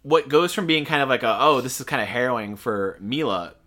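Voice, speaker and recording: A man co-hosting a movie review show in casual chat, relaxed, using lots of fillers and laughing often. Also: mid-range voice, fairly quick.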